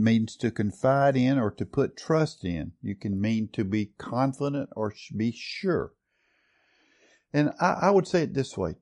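A man's voice: lowish voice, vocal fry, warm tone. A man preaching a sermon earnestly, building to strong stress on key words. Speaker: pastor.

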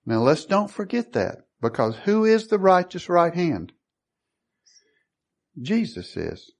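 A man's voice: sits high, huge pitch swings, slow, creaky, pauses often. A man preaching a sermon, asking the congregation questions and acting out quoted voices.

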